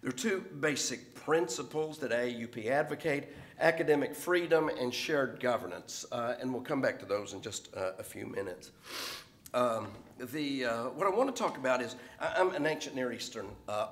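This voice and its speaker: A man's voice: medium pitch, animated, moderate pace. A middle-aged man, a professor, speaking on a panel in an explanatory, lecturing way. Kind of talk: panel talk.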